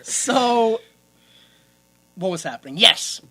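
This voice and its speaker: Bright-voiced joking podcast guy. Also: high voice, lively intonation, takes it slowly. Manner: crude, joking, laughs often while retelling scenes. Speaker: podcast co-host. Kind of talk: casual podcast chat reviewing a movie.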